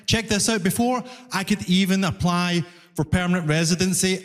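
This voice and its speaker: A man from Scotland with a Glasgow accent, doing an animated, self-mocking stand-up comedy set on stage. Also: high-pitched, normal speed. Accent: Scottish, Glasgow. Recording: live club mic with long reverb and faint noise. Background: audience laughter.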